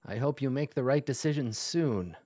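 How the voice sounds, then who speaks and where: A man's voice: mid-range voice, moderate pace, mellow, close to an everyday voice. A man voicing a smug old male dwarf who leans on a staff and needles the heroes. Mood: needling. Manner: cajoling, mock-reasonable.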